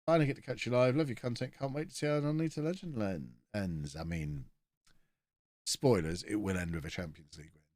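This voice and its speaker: A man's voice: on the low side, fairly quick, a little mellow, dry recording, studio quality. A man with a blocked nose, chatting and joking through a live-streamed game commentary as he reacts to his chat.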